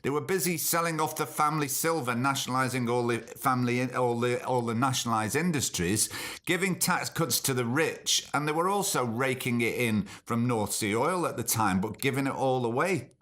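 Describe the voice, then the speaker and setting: A man's voice: mid-range voice, normal speed, fairly bright tone. A middle-aged man from the UK hosting a podcast, reading news items and adding indignant, opinionated asides and rhetorical questions. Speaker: podcast host.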